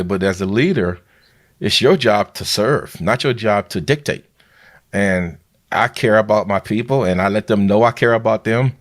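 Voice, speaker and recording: A man, a biomed manager and podcast host, giving earnest, heartfelt advice in a casual podcast chat. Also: on the low side.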